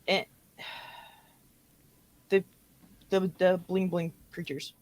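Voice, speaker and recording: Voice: mid-range voice, fairly even intonation, drawn-out words, a little mellow. A podcast co-host in casual chat who gives short replies and asks curious questions. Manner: brief backchannels, curious questions.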